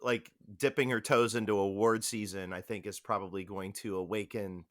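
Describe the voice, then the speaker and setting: An enthusiastic man hosting a casual podcast, his voice bright and forward. He rambles a little and restarts his sentences as he chats. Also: fairly low pitch, fairly even intonation, moderate pace, no echo, studio quality. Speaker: podcast host.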